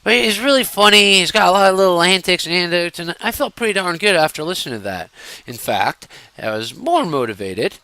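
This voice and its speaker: Animated, bright-voiced male storyteller. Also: sits high, brisk, dry recording, rough recording. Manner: animated, digressive, addresses viewers directly; fidgety while talking. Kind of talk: casual storytelling to camera.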